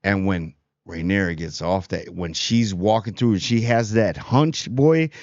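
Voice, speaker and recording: A man's voice: deep voice, unhurried, darkish tone, no echo, dull audio. A man casually reviewing a TV episode in a rambling, slangy way, paraphrasing characters as he goes. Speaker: show host reviewing TV.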